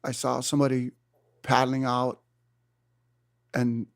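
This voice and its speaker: Man in his 70s, from Hawaii, gravelly, animated storyteller, dry close sound. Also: medium pitch, measured pace, pauses often, no echo. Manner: animated storyteller, acts out his own exclamations. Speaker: interview guest, surfer. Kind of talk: storytelling in a conversation. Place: room.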